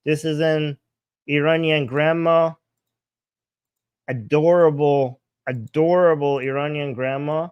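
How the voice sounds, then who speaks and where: A man's voice: a little high, fairly even intonation, slow, smooth, no echo, highs cut off. A man giving casual commentary, translating Persian video clips aloud and laughing often. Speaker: political commentator.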